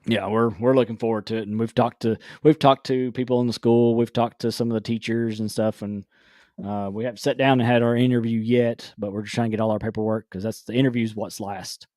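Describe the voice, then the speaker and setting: Male host, mid-pitched, easygoing rambler, dry close recording. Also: flat delivery, brisk, a little mellow, dry recording. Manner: rambling, restarts, frequent laughs. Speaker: podcast host. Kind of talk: casual live-stream chat.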